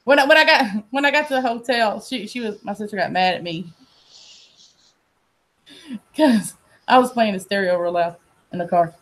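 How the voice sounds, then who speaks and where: A woman's voice: mid-range voice, moderate pace, long pauses, a bit bright. A woman, telling stories in a casual, profane chat and laughing often. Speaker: host.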